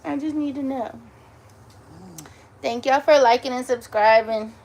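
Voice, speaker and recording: A woman's voice: high-pitched, measured pace, a little mellow, slight background noise. A woman hosting a casual live stream from home on her phone, chatting with viewers and cooing baby talk to her dog. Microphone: phone camera.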